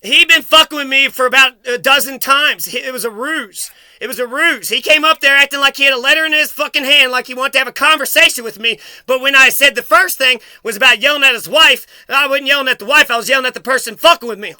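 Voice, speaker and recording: A man's voice: very high voice, fairly quick, sharp tone, no echo. A man angrily ranting at his mother, accusatory and full of swearing, repeating himself. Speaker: vlogger confronting his mother. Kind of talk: angry profane rant.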